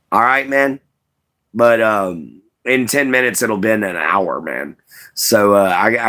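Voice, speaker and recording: A man chatting casually to viewers on a live stream, rambling and relaxed, with lots of "you know" and "man". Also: deep voice. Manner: laid-back, rambling, says "you know" and "man" a lot.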